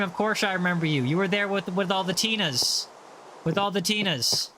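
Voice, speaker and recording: A man hosts a laid-back gaming livestream, reading viewer messages aloud and joking with them. His voice sits high with a bright, forward edge, and a faint hiss of noise runs underneath. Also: moderate pace. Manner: playful, teasing, reads viewer messages aloud. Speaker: livestream host. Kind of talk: casual chat while gaming.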